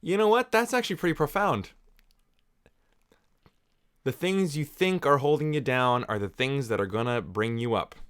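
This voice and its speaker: Smooth-voiced man riffing through a movie. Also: mid-range voice, expressive, normal speed, pauses often, a bit bright. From Canada. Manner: chatty and jokey, reacting aloud with laughs and asides. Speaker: movie reviewer. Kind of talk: casual watch-along movie commentary.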